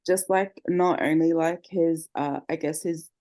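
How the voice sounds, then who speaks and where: A woman's voice: low-pitched, fairly even intonation, a little slow, mellow. A woman speaking earnestly on a casual group video call, with many fillers. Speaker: group member.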